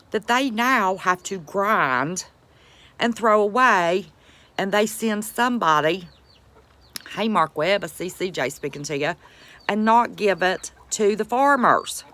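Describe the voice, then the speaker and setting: A woman's voice: medium pitch, bright, forceful tone. A woman with an Appalachian accent, chatting folksily to viewers on a homestead live stream. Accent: Appalachian American. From West Virginia. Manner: folksy, chatty, calls viewers sweetheart and buddy. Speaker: homestead vlogger greeting live chat. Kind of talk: casual live-stream chat.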